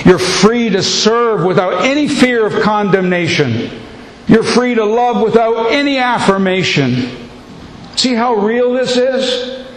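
A man's voice: high-pitched, animated, takes it slowly. A male pastor preaching a sermon to his congregation, with an emphatic, repetitive cadence. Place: church sanctuary. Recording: echoey hall, faint ambience.

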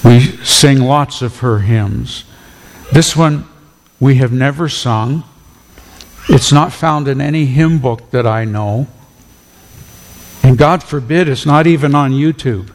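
A man's voice: mid-range voice, slow, long pauses. A man preaching a sermon as pastor, emphatic and repeating phrases for effect. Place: church. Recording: long reverb of a church hall.

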